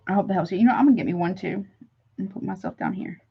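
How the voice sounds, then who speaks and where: A woman reading tarot live to her viewers in a chatty, affectionate way, calling them honey as she pulls cards. Her voice sits at an ordinary middle pitch. The sound is a bit dull and lo-fi, like a home stream mic. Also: fast talker, vocal fry, breathy edge. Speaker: tarot reader.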